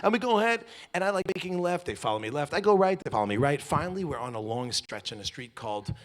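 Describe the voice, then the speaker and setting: Animated storytelling man from New York. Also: fairly high pitch, fast. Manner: animated storytelling with jokes and acted-out quotes. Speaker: speaker. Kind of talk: comedic motivational talk.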